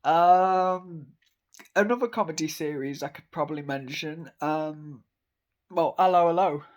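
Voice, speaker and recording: A young man speaks in a fairly high voice at an unhurried pace. He rambles in a casual monologue, with plenty of ums and uhs and small laughs. His tone is eager and enthusiastic. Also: a little mellow.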